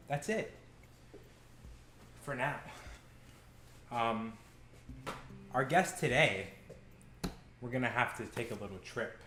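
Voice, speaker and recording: A man's voice: medium pitch, expressive, slow, pauses often, pushed and bright, a little hiss or hum. A young man hosting a casual home cooking vlog, talking loosely with stumbling restarts and bursts of swearing. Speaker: cooking show host. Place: home kitchen. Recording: roomy kitchen echo, faint background music.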